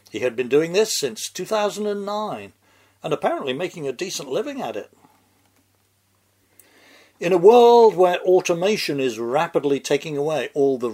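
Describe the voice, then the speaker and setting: A man delivering scripted satirical commentary in a dry, deliberate, sardonic manner. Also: a little high, a little mellow, breathy edge. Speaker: commentary host.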